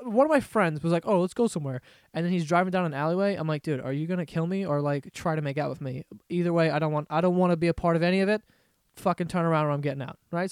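A young man rants on his podcast in a crisp, smooth voice that sits a little high. He tells a story casually, swearing often, exasperated and joking. The sound is close and dry, with no room echo. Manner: profane, exasperated, jokey storytelling. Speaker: podcast host. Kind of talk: casual ranting monologue.

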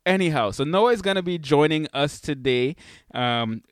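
A man's voice: on the high side, lively intonation, moderate pace, dry recording, studio quality. A man hosting a podcast in a casual, upbeat way, chatting and laughing while holding his baby son. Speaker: podcast host. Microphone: desk microphone.

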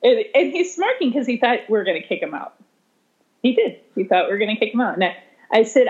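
Animated woman teacher telling stories. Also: brisk. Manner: animated, laughing, acting out quotes in a higher voice. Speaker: special education teacher. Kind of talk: conversational storytelling. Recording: slightly dull lo-fi sound.

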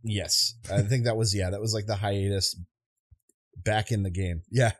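A man's voice: lowish voice, normal speed, no room sound, studio quality. A man in his thirties co-hosting a casual podcast, telling stories animatedly and acting out voices. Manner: animated storyteller, acts out voices in anecdotes. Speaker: podcast co-host.

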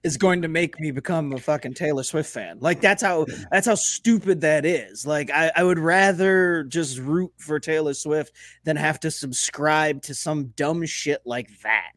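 A man's voice: a little high, a little slow, few pauses, fairly bright tone, no room sound, studio quality. A man co-hosting a sports podcast, blunt, profane and exasperated. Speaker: podcast co-host. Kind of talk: casual sports chat.

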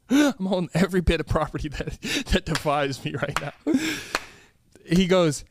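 A man's voice: a little high, big pitch swings, measured pace, noisy background. A man with a lisp, hosting a podcast and telling a story in casual chat, laughing often. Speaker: podcast host.

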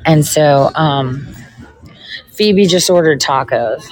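A woman's voice: low-pitched, slow pace, darkish tone, low-quality recording. Sarcastic, profane woman ranting. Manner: sarcastic, profane, mocking asides. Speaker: political podcaster and candidate. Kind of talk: casual ranting monologue.

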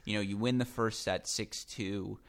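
A man's voice: fairly low pitch, steady tone, normal speed, gravelly. A young man co-hosting a sports podcast, talking in playful, jokey banter. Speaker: podcast co-host. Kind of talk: casual sports podcast chat.

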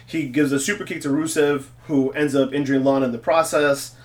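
A man's voice: mid-range voice, little pitch movement, fairly quick. A man hosting a casual wrestling recap, joking and laughing often. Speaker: podcast host.

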